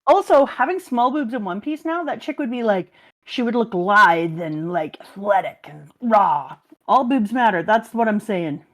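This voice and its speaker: A woman's voice: fairly high pitch, expressive, moderate pace. A woman co-hosting a live stream, chatting casually and animatedly, laughing often and acting out quotes. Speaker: stream co-host. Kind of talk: casual chat.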